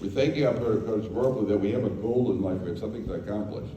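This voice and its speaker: Dark-voiced American rabbi in echoey hall. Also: male voice, fairly low pitch, fast, a little hiss or hum. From United States. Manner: chatty, jokey asides, acts out dialogue. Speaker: rabbi giving a talk. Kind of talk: Torah talk with humorous storytelling. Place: lecture hall to a live audience. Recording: echoey hall, mic from far off.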